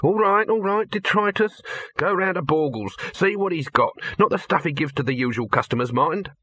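Jittery chattering handler guy, raised and husky, narrator doing him. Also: on the high side, expressive, normal speed, pushed and bright, no echo, voice pushed up, heavily acted. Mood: fretful.

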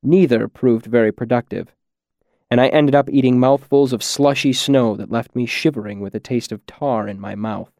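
Man, audiobook narrator, measured and quiet, mid-pitched, dry close recording. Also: no room sound. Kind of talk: first-person audiobook narration.

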